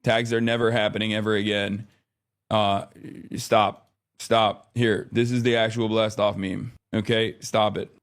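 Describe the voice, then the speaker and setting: A man's voice: on the low side, little pitch movement, normal speed. A man in his thirties chatting casually on a live stream, rambling, often exasperated, swearing now and then.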